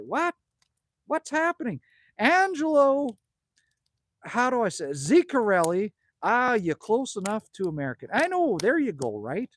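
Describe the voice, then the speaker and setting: A man's voice: high voice, sing-song, normal speed, a bit bright, dry recording. A middle-aged man from Canada, chatting casually and rambling through viewer comments as a livestream host outdoors at a cabin. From Manitoba, Canada. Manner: chatty, rambling, jokey, calls people man and buddy. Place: outdoors at a cabin by a fire at night.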